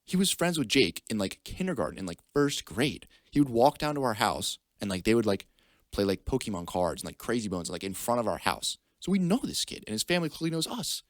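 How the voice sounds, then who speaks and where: A man's voice: medium pitch, sing-song, fairly quick, no room sound, clean studio sound. A young man telling a story casually on a podcast, acting out the people he quotes in raised voices. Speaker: podcast guest.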